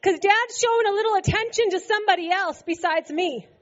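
Woman, high voice, preaching a sermon, playful, laughs a lot, acts out scripture, muffled lo-fi church recording. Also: a little fast. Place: church service before a congregation.

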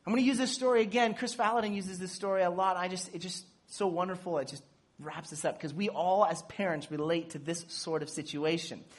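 A parent giving a casual sermon, acting out quoted dialogue and joking while teaching. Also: mid-range voice. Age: adult with children. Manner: animated, acts out quoted dialogue; jokes and laughs while teaching.

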